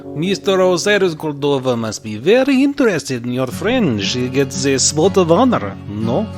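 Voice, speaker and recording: A man's voice: fairly high pitch, big pitch swings, moderate pace, over music, pitched above the performer's own voice. A man voicing an older male Russian inventor in a tabletop game, with a put-on Russian accent and broken English. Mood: boastful. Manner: loud and emphatic, broken English.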